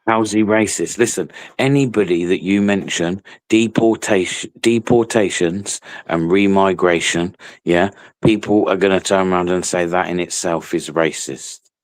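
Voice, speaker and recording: A very low-voiced man hosting a late-night live chat stream. He talks bluntly and opinionatedly, circling back over his points and swearing freely. His voice is close and dry, with no room sound. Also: moderate pace, no echo. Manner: opinionated, repeats himself, casual swearing.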